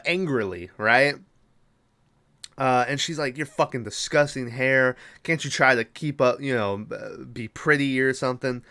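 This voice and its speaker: A man's voice: mid-range voice, pushed and bright. A young man hosting a podcast, casually retelling a horror film's plot with lots of swearing, fillers and quoted lines. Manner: rambling, profane retelling with fillers. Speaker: podcast host. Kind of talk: casual movie recap.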